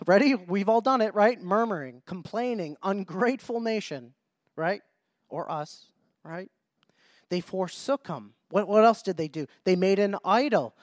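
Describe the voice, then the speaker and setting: A man with a notably high voice preaches a sermon, pressing his listeners with rhetorical questions and circling back on his own phrases. The sound is dry and close, with no room around it. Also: dry recording. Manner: rhetorical questions and frequent restarts; reads scripture in old-fashioned biblical wording.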